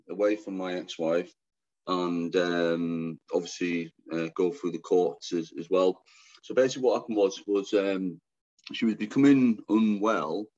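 A man telling his own difficult story as an interview guest, halting, restarting often, and speaking frankly. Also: low voice, darkish tone, lo-fi sound. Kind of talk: candid personal storytelling.

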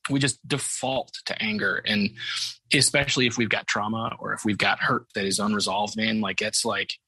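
A man's voice: lowish voice, fairly even intonation, moderate pace, bright, forceful tone, breathy edge, dry recording. A man hosting a conversation, responding in an affirming, emphatic way. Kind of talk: casual conversation.

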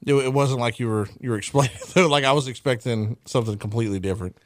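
A man's voice: mid-range voice, no echo. Laid-back guy cohosting a podcast, dry close sound. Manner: laid-back, quick to laugh, runs segment breaks and plugs. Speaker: podcast co-host. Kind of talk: casual chat.

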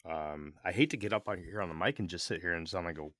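Male podcast co-host, very deep voice; earnest and candid, halting often, dry close-mic sound. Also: fairly bright tone, no room sound. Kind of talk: casual podcast chat.

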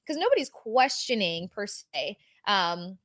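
A woman co-hosting a sports podcast, talking in an expressive, easygoing way. Her voice sits at a middling pitch and sounds dry and close, with no room echo. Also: unhurried. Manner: expressive, laughs easily, tells anecdotes. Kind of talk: casual sports chat.

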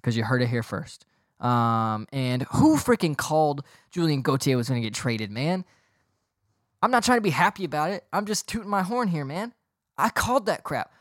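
Joking, boastful young podcast host. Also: male voice, fairly high pitch, no room sound, studio quality. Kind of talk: casual podcast monologue.

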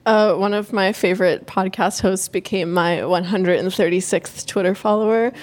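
A woman with a mid-pitched voice answers interview questions lightly and cheerfully. She laughs easily between her points. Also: steady tone, normal speed. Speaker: podcast host guest.

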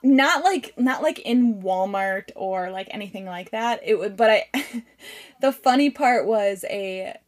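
A woman's voice: medium pitch, a little slow. A woman guest on a remote podcast call, chatting casually with frequent laughs and fillers. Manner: giggly, animated, lots of fillers. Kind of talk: casual conversation.

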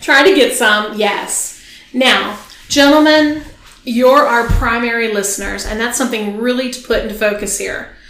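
Name: Laughing bawdy podcast hostess, roomy sound. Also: female voice, on the high side, normal speed, fairly bright tone, a little hiss or hum. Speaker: podcast host. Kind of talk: casual bawdy podcast chat. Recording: roomy echo.

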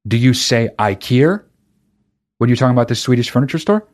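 A man's voice: medium pitch, racing. A man hosting a podcast, talking alone in a casual monologue, ranting with emphatic profanity and frequent restarts. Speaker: podcast host.

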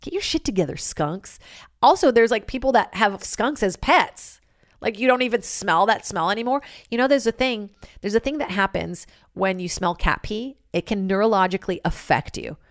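A woman hosting a comedy podcast alone, rambling and swearing freely and switching into loud acted-out quotes. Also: medium pitch, lively intonation, normal speed, no echo, clean studio sound. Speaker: podcast host. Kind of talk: casual solo comedy podcast monologue.

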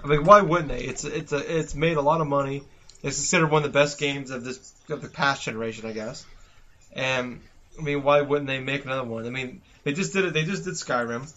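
A man co-hosting a casual podcast chat, excitable and playfully teasing. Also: mid-range voice, fairly quick, lo-fi sound. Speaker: podcast co-host.

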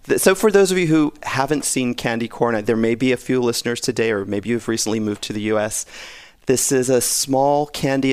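Podcast guest, male, middle pitch, dry close sound, opinionated and wry. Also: no echo. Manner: wry, opinionated, laughs while talking. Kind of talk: casual podcast chat.

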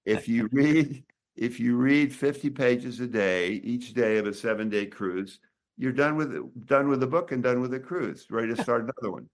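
An older man, a doctor and author, talking in a relaxed interview with many restarts and pauses. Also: mid-range voice. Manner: rambling, halting, many restarts. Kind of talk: casual interview chat.

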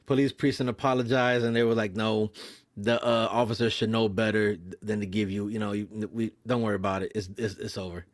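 A young man telling a profane, animated story about his work as a mail carrier, acting out the other people's lines in quick voices. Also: on the low side. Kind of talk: casual storytelling on a podcast.

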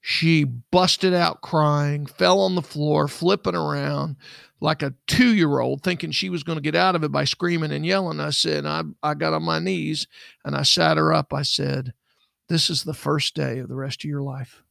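Middle-aged man, ex-investigator type, very gravelly voice, dry close sound, rambling storyteller. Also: fairly high pitch, steady tone, normal speed, a bit bright, no room sound. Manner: rambling, acts out quoted dialogue. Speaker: podcast co-host, former investigator. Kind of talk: casual true-crime storytelling.

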